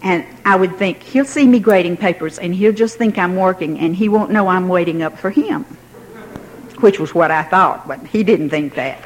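A woman's voice: fairly low pitch, normal speed, a little hiss or hum, low-quality recording. An older woman telling a personal story in a wry, self-mocking way, laughing now and then.

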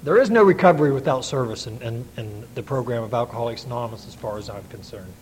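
A middle-aged man shares his personal testimony at a recovery meeting, talking fast in a mid-range voice with lively intonation. He's earnest and folksy with many restarts, and the recording is rough.

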